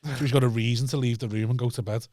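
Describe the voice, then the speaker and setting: A man's voice: mid-range voice, steady tone, racing, dry recording, studio quality. A man telling family stories in casual podcast chat, swearing freely and acting out his dad's outbursts. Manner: swearing storyteller, mimics his shouting dad. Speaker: podcast host.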